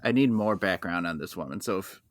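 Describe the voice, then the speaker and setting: A man hosting a casual snack podcast, low-key and dry as he leads the segments. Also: animated, fairly quick, dry recording. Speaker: podcast host. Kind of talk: casual chat, snack tasting.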